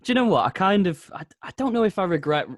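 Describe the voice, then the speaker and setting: A man's voice: high-pitched, fast talker, dry recording, studio quality. Man hosting a casual podcast. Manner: animated, swearing, acts out quoted people. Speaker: podcast host.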